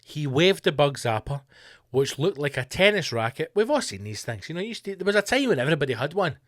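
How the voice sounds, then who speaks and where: A man's voice: a little high, big pitch swings, quick pace, a bit bright. A man hosting a podcast, delivering a profane, mocking comedic rant. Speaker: podcast host.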